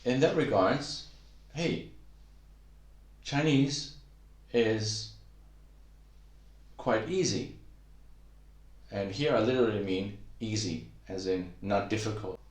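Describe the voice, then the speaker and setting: A man's voice: fairly low pitch, slow pace, pauses often, roomy sound. A man teaching a casual language lesson, explaining patiently with many fillers and acting out example sentences.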